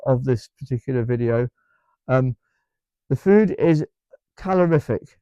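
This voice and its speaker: An English vlogger from England chats casually to camera in a medium-pitched, dark, clean voice, recorded lo-fi with no echo. He's enthusiastic and emphatic, rambling with lots of restarts and repeated words.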